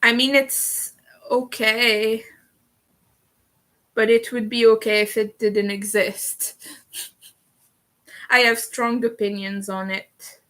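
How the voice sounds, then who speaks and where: Slow-talking giggly woman streamer. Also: a little high, steady tone, fairly bright tone. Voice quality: slips into vocal fry. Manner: chatty and giggly, laughs often. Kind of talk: casual livestream chat.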